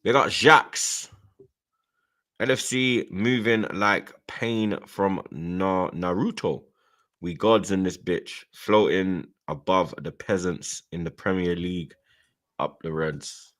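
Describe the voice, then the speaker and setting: Hosting a casual football live stream, a man reads viewer messages aloud and bursts into loud, brash shout-outs. His voice sits low, with a steady tone and a slow pace.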